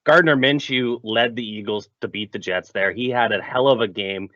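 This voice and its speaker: A man's voice: lowish voice, normal speed, fairly bright tone, no echo. A man co-hosting a casual sports betting podcast, upbeat and laid-back in his banter. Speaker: podcast co-host. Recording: muffled lo-fi podcast mic.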